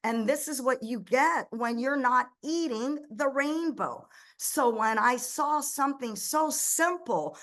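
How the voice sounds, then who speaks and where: Her voice sits high and moves slowly, with hardly any pauses. This middle-aged ministry founder, from Egypt and raised in the United States, is an animated storyteller in a conversational interview, frequently restarting and quoting dialogue.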